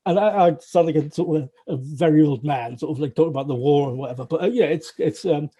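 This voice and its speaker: A man's voice: a little high, fast talker, few pauses, warm tone, slightly rough. A middle-aged man with a Northern English accent, chatting in an interview with wry, self-deprecating humour and many restarts. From Northern England. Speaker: guest, former games programmer. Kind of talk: casual interview recollection.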